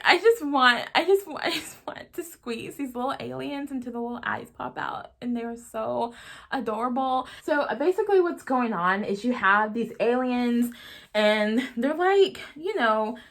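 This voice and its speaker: A young woman reviewing her favorite books in a casual vlog, gushing and giggling, with lots of "like" and "oh my gosh". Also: on the high side. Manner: gushing, giggly, heavy use of "like". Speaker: book vlogger.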